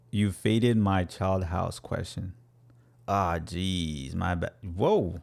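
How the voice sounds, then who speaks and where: A young man with a low, gravelly voice chats energetically through a crypto livestream. He answers viewers directly in a playful, loose way. He has some grit on the low end. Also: slow pace. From Canada. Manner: energetic, chatty, playful with viewers, laughs often. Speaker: crypto educator hosting a livestream.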